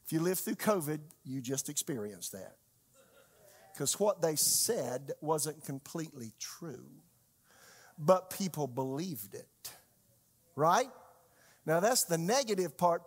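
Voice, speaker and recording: Male pastor, high tenor, conversational sermon with big dynamic swings. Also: lively intonation, takes it slowly. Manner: conversational preaching with sharp swings in pitch and loudness, rhetorical questions.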